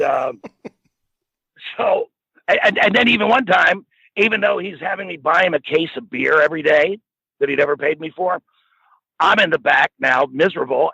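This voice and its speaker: A man's voice: mid-range voice, vocal fry, sharp tone, slightly rough, dry recording. A middle-aged man telling a rambling, profane anecdote in a casual way, often laughing as he goes. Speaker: storyteller guest. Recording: dull lo-fi dry recording.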